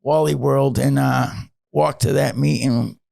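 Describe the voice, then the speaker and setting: A man in his fifties, guest on a podcast, winds through a personal story full of "and, uh" and blunt curses. His voice is heavily gravelly, the sound close and dry. His pitch sits mid-range for a man. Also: steady tone, unhurried, a little mellow, no room sound. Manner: rambling, many "and, uh" fillers, blunt profanity. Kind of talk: casual storytelling.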